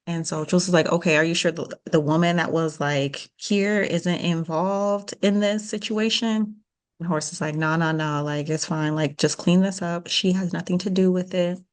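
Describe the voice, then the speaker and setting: A woman co-hosting a podcast, casually recapping a TV episode and acting out the characters' lines. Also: low-pitched. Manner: animated retelling with quoted voices. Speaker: podcast co-host.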